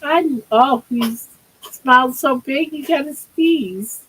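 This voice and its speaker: Husky older woman cooing baby talk. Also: sits high, slow, a bit bright, rough recording. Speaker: livestream host. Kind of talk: casual livestream chat.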